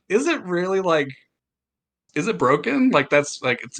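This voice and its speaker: A man running a tabletop game as game master. He narrates haltingly, with many fillers and restarts. His voice is bright and sharp. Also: high voice, very animated.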